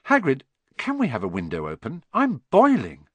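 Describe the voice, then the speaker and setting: A man's voice: mid-range voice, huge pitch swings, moderate pace, no room sound, voice pushed up. A man voicing an anxious, curious young schoolboy who presses eagerly with questions, in an audiobook reading. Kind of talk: audiobook character voice.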